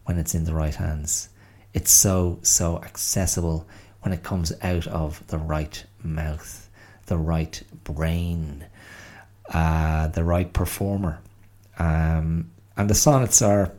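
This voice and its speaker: In a casual solo podcast episode, a host in his fifties reflects aloud, stopping frequently and filling gaps with ums and similar fillers. He speaks in a low-pitched, dark voice with noticeable vocal fry.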